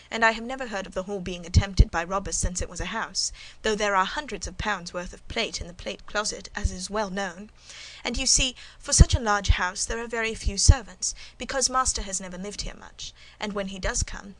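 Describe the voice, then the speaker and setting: A woman reads the part of a middle-aged servant woman who keeps her composure. Her voice is cool, measured and demure, and it sits at an ordinary middle pitch. She sounds like a guarded figure in a storybook reading. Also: lightly acted, low-quality recording. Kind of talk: audiobook reading.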